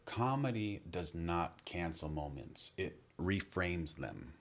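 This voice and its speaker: Low-voiced man doing a wry comedy breakdown. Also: animated, slow, fairly bright tone. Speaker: comedy commentator.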